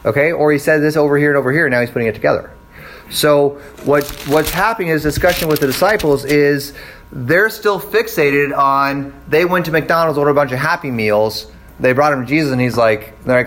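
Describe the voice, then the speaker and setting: Animated man leading a Bible study. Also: fairly high pitch, a little fast, slight background noise, rough recording. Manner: animated, acts out quoted voices. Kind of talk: casual Bible teaching.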